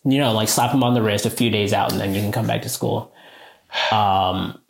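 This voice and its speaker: A male teacher earnestly telling a story in a conversation, growing animated as he recounts a moving moment. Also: normal speed, vocal fry, echoey room. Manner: earnest, animated, rises in pitch when moved. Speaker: high school teacher, guest.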